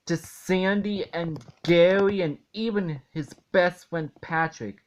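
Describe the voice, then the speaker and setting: Slow, exasperated man ranting. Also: a little high, highs cut off. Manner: exasperated, indignant, halting with restarts. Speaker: video reviewer. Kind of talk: ranting cartoon episode review.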